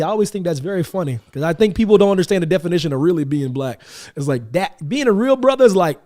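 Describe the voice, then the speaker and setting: A man hosting a podcast, chatting casually and telling animated stories with acted-out quotes. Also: high voice, quick pace. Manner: animated storytelling, acts out quotes. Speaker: podcast host.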